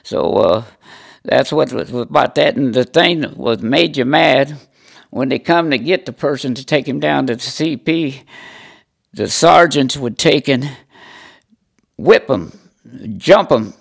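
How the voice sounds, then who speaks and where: A man's voice: medium pitch, unhurried, vocal fry. A man in his nineties from Indiana, bluntly telling stories from his life in an interview, sometimes salty. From Indiana, USA. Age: 90s. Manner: blunt, salty storytelling with repeated "I said". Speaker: veteran interviewee.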